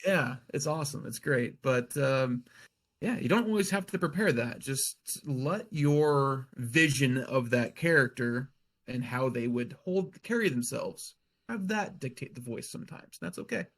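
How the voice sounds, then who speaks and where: A man's voice: mid-range voice, expressive, measured pace, fairly bright tone. Rambling man chatting as a guest. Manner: rambling, restarts sentences often. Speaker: guest game master. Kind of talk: casual podcast chat.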